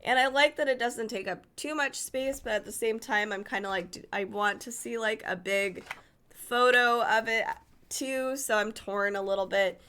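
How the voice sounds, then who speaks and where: A woman whose voice runs on the high side, pushed and bright with a clean tone, pages through a cookbook at normal speed. As a reviewer she's chatty and enthusiastic, stumbling over the foreign names of dishes.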